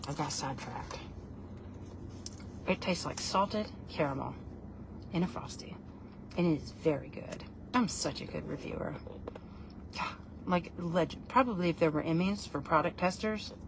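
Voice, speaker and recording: A woman's voice: low voice, measured pace, gravelly, long pauses, noisy background. A middle-aged woman, chatting in a playful, rambling vlog while reviewing food. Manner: playful, rambling, breaks into put-on voices.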